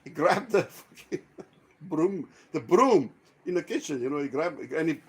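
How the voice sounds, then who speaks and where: A man hosting a casual livestream chat, swearing a lot and telling stories with animated energy. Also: fairly high pitch, unhurried, a little hiss or hum. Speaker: livestream host.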